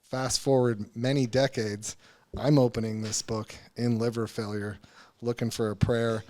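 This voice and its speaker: A man's voice: mid-range voice, flat delivery, measured pace, darkish tone. A man as a podcast guest, telling a personal story in a candid, earnest way, often restarting his sentences and swearing casually.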